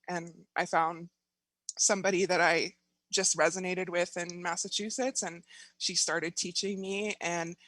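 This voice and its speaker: A woman guest telling a personal story in casual conversation, animated and laughing often as she acts out her own thoughts. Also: lowish voice, dry recording.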